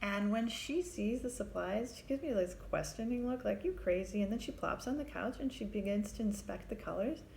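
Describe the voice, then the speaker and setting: A therapist telling a personal story in a vivid, conversational way, acting out the voices of the people in it. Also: female voice, medium pitch, moderate pace, vocal fry, few pauses, darkish tone, slight background noise.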